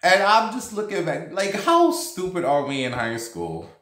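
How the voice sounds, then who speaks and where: A vlog host in his thirties speaks high with huge swings in pitch, taking his time in a slightly bright voice that echoes in a reverberant room. His storytelling is casual and gossipy, loose, profane, and heavy on fillers.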